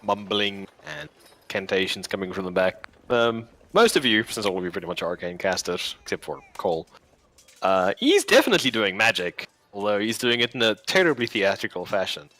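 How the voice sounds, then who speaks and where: Low-voiced male game master. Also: sing-song, brisk, sharp tone. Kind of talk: narrating a tabletop game.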